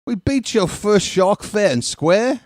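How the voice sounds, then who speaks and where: A man's voice: high-pitched, expressive, takes it slowly, dry recording, studio quality, voice pushed up. A man putting on a British accent, playing a blustering British movie actor who swears and jokes. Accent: put-on British. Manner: jokey, blustering, tosses in 'bloody hell'. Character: boastful British actor, mock-tough, swearing.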